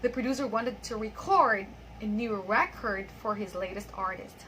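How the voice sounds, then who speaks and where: A woman teaching an online English pronunciation lesson, patiently reading example sentences and repeating them slowly. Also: medium pitch, slight background noise, low-quality recording.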